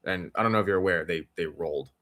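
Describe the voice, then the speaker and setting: A man's voice: low voice, quick pace, a bit bright. Profane young man ranting about football. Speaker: watch-along host. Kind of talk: live sports watch-along rant.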